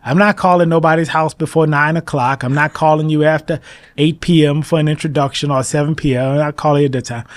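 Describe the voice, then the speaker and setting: A man being interviewed as a mortgage broker, talking in an animated, emphatic way and acting out his phone calls. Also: fairly high pitch, fast talker. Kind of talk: casual interview talk.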